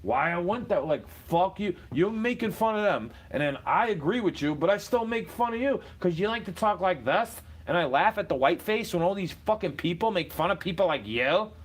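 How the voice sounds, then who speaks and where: Man ranting, somewhat high voice. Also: animated, normal speed, few pauses. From United States. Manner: combative, swings from muttering to shouting. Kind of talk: profane ranting monologue.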